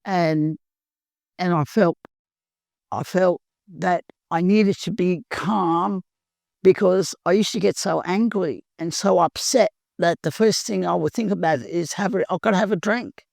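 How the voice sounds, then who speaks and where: A woman's voice: fairly low pitch, a little slow, gravelly, darkish tone, dry recording, clean studio sound. A woman earnestly telling her own recovery story in a plain-spoken way. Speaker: guest sharing recovery story. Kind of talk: personal storytelling.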